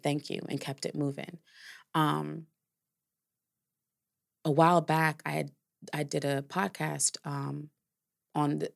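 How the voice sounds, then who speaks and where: A woman's voice: low voice, vocal fry. A woman hosting a podcast, telling a personal story in a candid, reflective way, with casual swearing and filler words. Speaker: podcast host.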